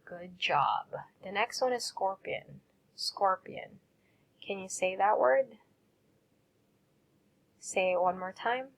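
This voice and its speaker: A woman's voice: mid-range voice, slow pace, pauses often, low-quality recording. A woman teacher giving a recorded lesson, patiently saying words and asking students to repeat them.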